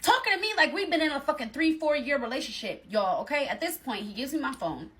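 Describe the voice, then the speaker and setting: Animated woman telling a storytime. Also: high-pitched, quick pace. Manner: animated, slangy, talks straight to viewers and acts out quoted lines. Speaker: storytime vlogger. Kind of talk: casual storytime.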